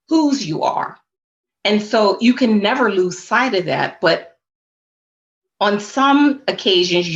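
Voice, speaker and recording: Woman, low voice, earnest reflective interview talk, dull lo-fi sound. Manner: earnest, flowing, faith-tinged phrasing. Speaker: spiritual coach and guest.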